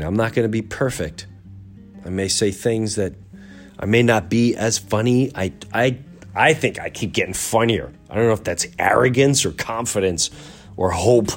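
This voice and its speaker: Congested, earnest middle-aged man. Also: fairly low pitch. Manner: earnest and reflective, trailing off and restarting. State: congested, stuffy nose. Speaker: podcast host. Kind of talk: casual monologue.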